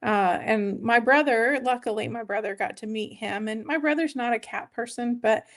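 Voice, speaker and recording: A woman hosts a casual weight-loss live stream from her home, with a voice pitched a little above the usual. She rambles in a chatty way, greeting viewers by name and thanking them as she goes. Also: moderate pace, a bit bright.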